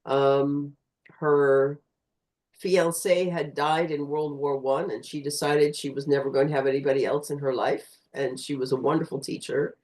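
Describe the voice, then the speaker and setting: A woman's voice: low voice, fairly even intonation, a little slow, darkish tone, low-quality recording. An older woman from Pennsylvania, joining an online group talk over a video call and fondly sharing a school memory. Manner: fond, reminiscing. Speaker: participant.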